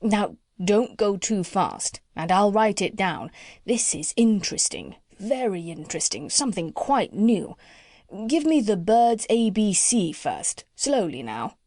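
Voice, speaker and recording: Woman doing a mild, careful gentleman doctor. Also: mid-range voice, big pitch swings, no room sound, studio quality. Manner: slow, careful and polite. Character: gentle, mild middle-aged male doctor.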